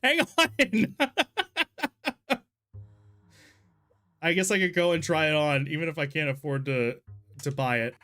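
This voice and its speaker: A man's voice: a little high, fairly even intonation, a little fast, pushed and bright, clean tone, faint music behind. A young man from Texas streaming a game, chatting casually with his chat, laughing often and exclaiming in disbelief. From Texas, USA. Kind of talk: casual live-stream commentary while gaming and reading chat.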